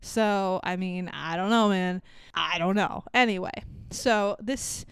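A woman's voice: mid-range voice, slow pace, clean tone, dry recording. Sarcastic young woman recapping a film. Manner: sarcastic, swearing, laughs often. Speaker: podcast co-host. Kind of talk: casual movie recap chat.

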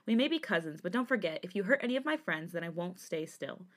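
A stern young man confronts his cousin in a spoken fan story, snapping and growling out his lines, voiced by a woman reading aloud. The voice sits a touch higher than the reader's own, with a cutting, angry edge. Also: sing-song, fast talker, a bit bright.

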